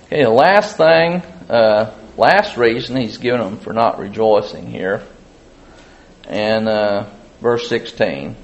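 A man's voice: on the low side, expressive, slow, gravelly, muffled recording. Folksy rambling male Bible teacher. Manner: rambling folksy storytelling with many fillers. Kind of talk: casual Bible study teaching.

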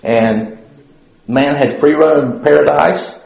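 A man's voice: fairly high pitch, slow pace, gravelly, darkish tone, dull audio. A man giving an informal Bible lesson at church in a folksy, rambling way, with many fillers and restarts. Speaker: Bible study teacher. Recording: very echoey room.

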